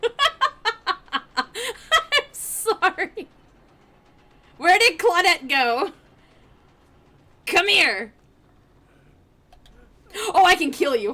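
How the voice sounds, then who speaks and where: A woman streaming a game with a high, bright voice that swoops widely up and down. She talks in a relaxed, unhurried way, but she gets excitable and playful, laughs often and trash-talks the players around her. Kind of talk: live gameplay commentary.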